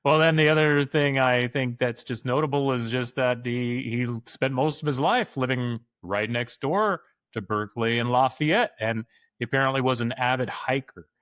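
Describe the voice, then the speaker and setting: A man co-hosting a podcast in casual chat, enthusiastic and quick to laugh. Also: medium pitch, fairly bright tone, no echo, studio quality. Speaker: podcast co-host.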